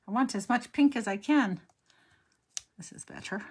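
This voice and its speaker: A woman's voice: a little high, normal speed. Middle-aged female craft host, chatty and meandering, light background hiss. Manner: chatty, rambling, talks to herself while working. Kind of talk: casual crafting demo chat.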